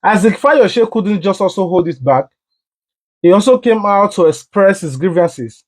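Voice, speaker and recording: A man's voice: high-pitched, animated, unhurried. A man hosting a commentary vlog, speaking earnestly and addressing his viewers directly. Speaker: vlog host. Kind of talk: commentary to camera.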